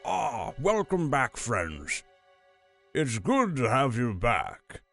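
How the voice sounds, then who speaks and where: A man putting on a big, courteous half-orc chieftain in a Scottish movie-star voice, slight lisp and gravelly. He drawls each word very slowly, with a pitch that swoops up and down dramatically. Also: wildly swooping pitch, fairly bright tone, faint music behind, exaggerated voice. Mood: welcoming. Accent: Scottish, as a movie-star impression. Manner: slow, gracious and welcoming. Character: noble half-orc village leader, male, big, courteous.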